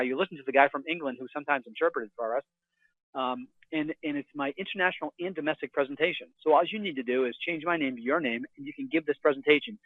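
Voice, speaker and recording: Male investor guest, rapid salesman patter, tinny phone-line sound. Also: no echo. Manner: energetic salesman pitch with restarts. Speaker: real estate investor guest. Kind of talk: phone interview storytelling. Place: hotel room.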